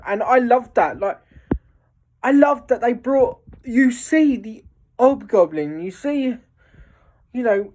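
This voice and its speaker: A woman's voice: fairly high pitch, darkish tone. A woman giving a casual, enthusiastic spoken film review, rambling with lots of fillers and restarts.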